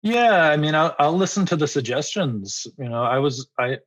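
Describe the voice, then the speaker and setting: As an interview guest, a man in his forties talks about music in a loose, rambling, enthusiastic way, animated and at a moderate pace. His middle-pitched voice is a bit bright, and the recording is dull and lo-fi, close and dry with no echo.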